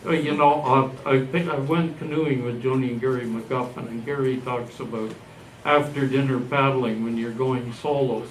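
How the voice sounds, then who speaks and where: An older Canadian man gives an informal presentation at a genealogy society talk in a meeting room, rambling a little and correcting himself as he goes. His voice is medium-pitched, with slight background noise. The room is echoey and he's recorded from a distance.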